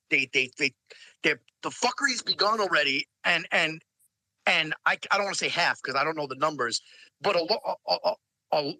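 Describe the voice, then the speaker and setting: A man's voice: high voice, pushed and bright, dry recording, rough recording. A man giving a heated, profane rant in a live audio room, stammering and restarting often.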